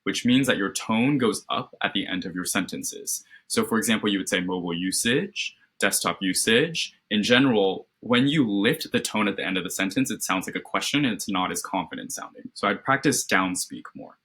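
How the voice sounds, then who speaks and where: A man with a slightly low, husky voice gives a candidate structured feedback after a mock interview. His tone is bright and encouraging, and he checks in often with "right?". He is speaking over a video call. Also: fairly quick, few pauses.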